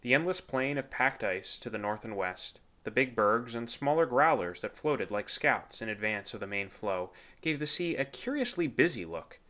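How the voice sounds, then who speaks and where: Male audiobook narrator with a bright, forward voice; measured nonfiction reading, lifts his pitch for quoted lines. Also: animated.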